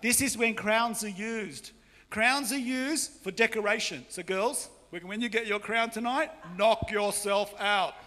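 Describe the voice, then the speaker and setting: High-voiced joking Australian preacher. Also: male voice, measured pace. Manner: joking, animated, often shouting. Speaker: pastor. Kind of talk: lively preaching sermon. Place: large church hall. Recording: long church hall reverb.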